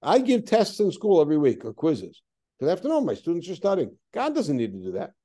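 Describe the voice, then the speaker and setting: A man leading a text study class, reading Hebrew verses aloud and then explaining them with lively, questioning remarks. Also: a little high, fairly quick. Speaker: teacher.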